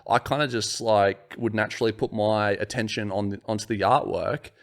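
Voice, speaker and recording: Australian man, lowish voice, rambling guest, casual podcast chat. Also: fairly even intonation, moderate pace. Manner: rambling, lots of fillers and restarts. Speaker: guest artist.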